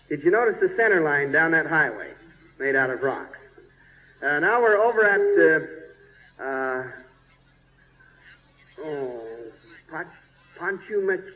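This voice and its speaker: A man, a church bishop, narrating a slide show in a folksy, chatty way, checking in with his listeners and groping for place names. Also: on the high side. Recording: dull 1970s recording with long reverb.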